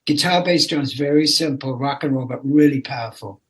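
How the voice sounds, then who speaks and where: Animated older man telling stories. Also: mid-range voice, moderate pace, crowd noise, low-quality recording. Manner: animated, laughing storyteller who slips into character voices. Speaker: guest, rock singer and actor. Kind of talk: casual storytelling chat.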